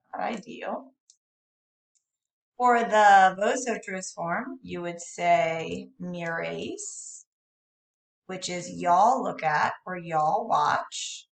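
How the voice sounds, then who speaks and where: Woman teacher, home recording, patient explainer, slightly raspy fry, set back from the computer mic. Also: medium pitch. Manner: patient, explanatory, apologetic asides. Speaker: Spanish teacher. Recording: roomy, distant, echoey room.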